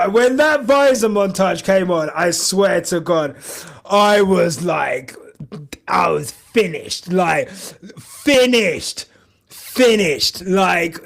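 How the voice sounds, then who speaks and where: Speaking high with noticeable vocal fry, a young podcast host streams live, rambling through casual, emotional chat stuffed with fillers.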